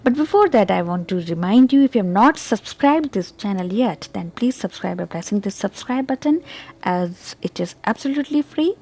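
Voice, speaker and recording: A woman teaching English pronunciation in an online tutorial, explaining carefully and deliberately, and pronouncing example words with clear stress. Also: mid-range voice, expressive, darkish tone.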